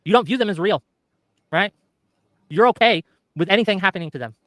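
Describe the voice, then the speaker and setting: A man ranting in a clip, fast and profane, hammering his points with repetition. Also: sits high, fairly bright tone, no room sound, studio quality. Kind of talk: heated rant.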